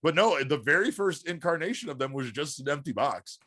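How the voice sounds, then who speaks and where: A man co-hosting a wrestling podcast in casual chat, excitable, swearing freely and laughing often. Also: a little high, brisk, no room sound, clean studio sound. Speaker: podcast co-host.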